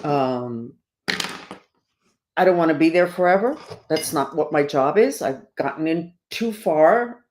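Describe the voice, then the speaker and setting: A woman's voice: deep voice, darkish tone. A middle-aged woman with the hiccups, hosting a podcast and talking emphatically and preachily to her listeners. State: has the hiccups. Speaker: podcast host. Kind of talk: casual spiritual talk to listeners. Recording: roomy echo.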